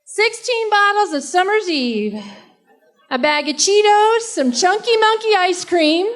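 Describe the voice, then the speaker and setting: A woman's voice: extremely high pitch, expressive, unhurried. A woman performing a stand-up comedy set on a live stage, brash and chatty, working the crowd. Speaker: stand-up comic.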